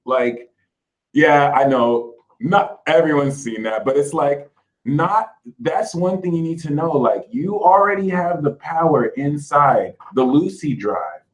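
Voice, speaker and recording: A man's voice: mid-range voice, lively intonation, measured pace, poor audio. A man hosting his own channel, giving a casual spiritual talk straight to his viewers in a chatty way. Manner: chatty, addresses viewers directly as y'all. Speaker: spiritual reader and channel host.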